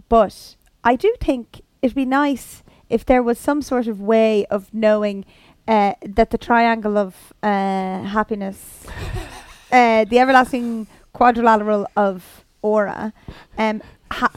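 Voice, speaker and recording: A woman's voice: on the high side, steady tone, slow, darkish tone, clean tone, no room sound. A woman chatting casually on a comedy podcast, rambling and trailing off, recorded over a remote call. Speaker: podcast co-host.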